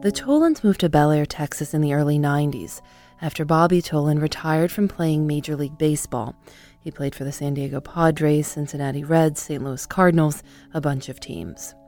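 A woman with a low, mellow voice narrates a documentary in a calm, measured, scripted way. Faint music sits quietly under her words. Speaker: podcast host and narrator.

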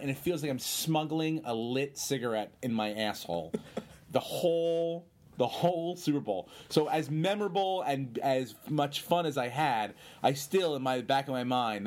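Animated storytelling male comedian. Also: mid-range voice, moderate pace. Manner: animated, rambling anecdotes with quoted voices. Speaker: comedian guest. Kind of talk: casual storytelling interview.

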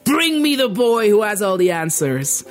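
A man's voice: sits high, big pitch swings, normal speed, soft background music, pitched above the performer's own voice. A man voicing a troubled king in a told story, giving orders brusquely. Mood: impatient.

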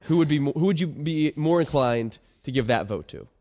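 A man's voice: on the high side, lively intonation, fairly quick, a little mellow. A man on a sports talk show who presses the host with pointed questions.

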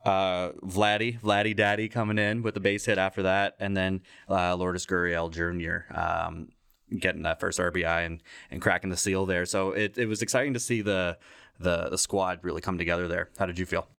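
A man with a deep, clean voice chats on a podcast. He tells stories with animated laughter and plenty of swearing. The sound is dry and close. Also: normal speed, creaky, clean tone, no echo. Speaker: podcast co-host. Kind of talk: casual chat.

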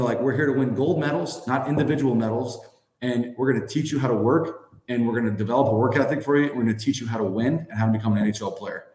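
A man in his thirties, speaking at an ordinary middle pitch, tells casual stories as a podcast guest. His delivery rambles and is full of fillers. The recording has a roomy, echoey sound. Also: darkish tone. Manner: rambling, heavy on fillers like "like" and "you know". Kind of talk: casual storytelling.

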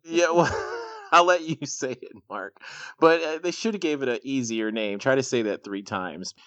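A man's voice: mid-range voice, moderate pace, fairly bright tone, dry recording. Man, podcast panelist, giggly and self-mocking, dry close sound. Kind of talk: casual discussion podcast.

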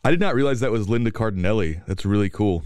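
A man's voice: on the low side, animated, darkish tone, smooth, no room sound, studio quality. A young man co-hosting a podcast, chatting casually about a movie and teasing his co-host. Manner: teasing, quick to correct, joking. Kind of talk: casual movie review chat.

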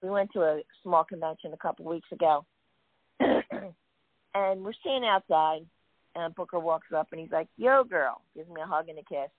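A woman hosting a casual chat, telling a story in a lively way and acting out what others said. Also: sits low, moderate pace, dry recording. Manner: lively storyteller, acts out quoted voices. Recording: tinny dry phone line.

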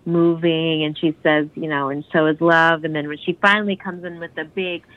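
A low-voiced woman speaks at normal speed with fairly even intonation as a podcast co-host discussing a song. She's casual and enthusiastic, with frequent fillers and restarts, and the recording is dull lo-fi podcast audio.

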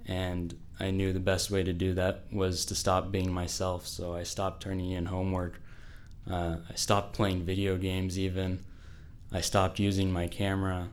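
Low, flat-voiced teenage boy. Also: measured pace. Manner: casual, fills speech with "like". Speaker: storyteller. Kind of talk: personal story told to an audience.

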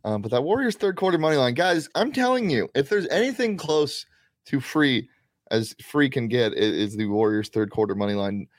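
A man's voice: mid-range voice, big pitch swings, moderate pace, dry recording. A man hosting a casual sports betting show, with a mid-range voice. He sounds upbeat and eager, with frequent ums and restarts. The recording is dry and close-miked. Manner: upbeat, enthusiastic, with frequent fillers. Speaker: host.

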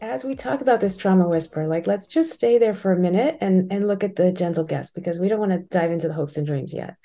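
Female podcast host, mellow, warm-toned, casual questioner. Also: lowish voice, fast. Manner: casual, uses "like" and "right?" often. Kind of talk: conversational interview.

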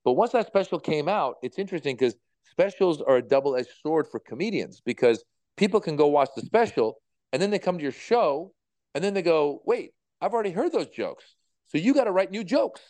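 A comedian in his fifties telling stories in an interview, animated and acting out people's voices. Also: a little high, brisk, no echo. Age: 50s. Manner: animated, acts out voices in anecdotes. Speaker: comedian guest. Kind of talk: relaxed interview storytelling.

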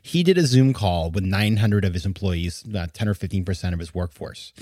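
A man's voice: deep voice, fairly quick, warm tone, no echo, clean studio sound. A man hosting a podcast, giving emphatic, exasperated casual commentary and laughing now and then as he talks. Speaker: podcast host.

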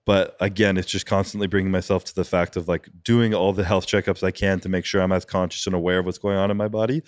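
A man's voice: low voice, no room sound, clean studio sound. A man talking as a podcast guest about his competitions, rambling with lots of "like" and casual swearing. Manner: rambling, fillers of "like", frequent swearing.

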